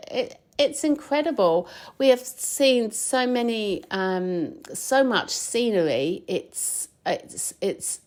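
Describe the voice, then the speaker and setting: A woman with a fairly low, slightly mellow voice hosts her podcast from the road. It's a casual, rambling chat full of fillers and restarts.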